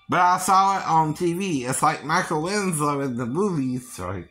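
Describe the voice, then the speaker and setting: A man with a slightly high, expressive voice, sharp in tone and a bit rough, chats casually about doing impressions. He laughs a lot, tends to finish his lines with "right?", and keeps slipping into quick impressions and silly voices.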